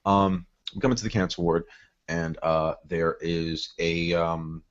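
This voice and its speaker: A man's voice: sits low, level tone, unhurried, muffled recording. A man playing a tabletop game who describes the scene in a rambling way, full of fillers.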